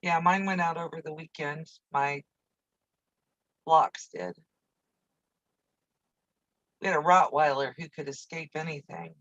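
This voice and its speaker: A woman's voice: low voice, lively intonation, a little slow, long pauses, a bit bright, no echo, muffled recording. A woman hosting a casual live quilting stream from her home sewing room, chatting in a rambling way with easy asides while she works, picked up by a camera on a video-call setup. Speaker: quilting channel host.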